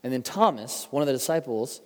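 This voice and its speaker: A middle-aged male pastor giving a sermon, telling stories earnestly and slowing down for emphasis. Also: mid-range voice, animated. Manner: earnest storytelling preacher, shifts pace for emphasis. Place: church sanctuary. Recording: long hall reverb.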